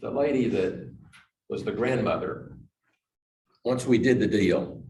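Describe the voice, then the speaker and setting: A man giving a storytelling presentation on negotiation, swinging between loud emphasis and quiet asides. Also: on the low side, takes it slowly. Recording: echoey room, distant mic.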